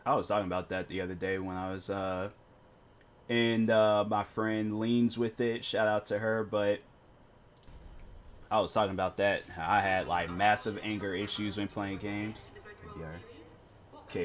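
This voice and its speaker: A man's voice: on the low side, fairly even intonation, moderate pace, a bit bright. A young man chatting casually while live-streaming games, telling rambling stories full of fillers. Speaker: game streamer.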